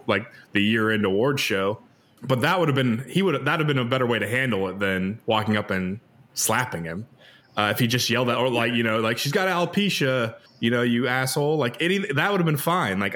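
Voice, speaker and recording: A man hosting a casual podcast discussion, talking in an animated, opinionated way. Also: medium pitch. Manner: animated, opinionated, many "like" fillers.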